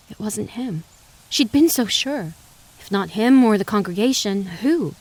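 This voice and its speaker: A woman narrates an audiobook in a measured, dramatic storytelling voice. She reads steadily at a middle pitch. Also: lively intonation. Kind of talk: scripted narration.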